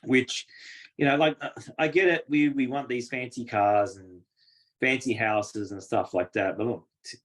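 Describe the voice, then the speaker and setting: With a medium pitch and a somewhat slow delivery, an Australian man appears as an interview guest sharing casual stories. He keeps things chatty, voicing quoted dialogue with lively impersonations.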